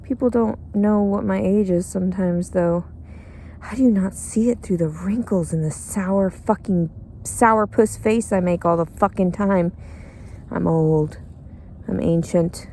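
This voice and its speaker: A woman's voice: medium pitch, measured pace, dark tone, slight background noise. A tired, cranky woman rambling in a bitter, crude, profane monologue outdoors. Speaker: pregnant homeless woman.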